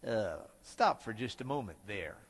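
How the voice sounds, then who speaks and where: A man imitating an older male Hebrew professor who speaks slowly and precisely, working his lips, with a long hall reverb. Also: on the low side, animated, husky, pitched below the performer's own voice. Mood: probing. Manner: slow, measured, moving lips as he talks.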